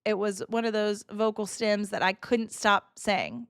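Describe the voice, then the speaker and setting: A woman in her thirties chatting casually to a live chat, telling a story with laughs and quick asides. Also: medium pitch, steady tone, a bit bright, clean tone, no room sound, clean studio sound. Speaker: streamer.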